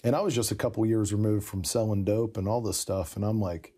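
A man's voice: on the low side, fairly even intonation, brisk, few pauses, warm tone. A man in casual conversation, earnestly telling a personal story with lots of "you know" asides. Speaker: podcast guest telling his conversion story.

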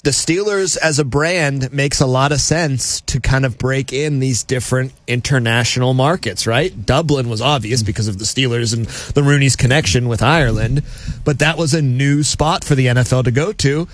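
A man co-hosting sports radio, chatting casually with playful, drawn-out emphasis. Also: medium pitch.

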